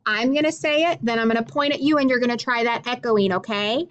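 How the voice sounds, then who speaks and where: In lo-fi sound, a woman with a voice on the high side gives young children a phonics lesson. She talks slowly and clearly, praising and encouraging them often.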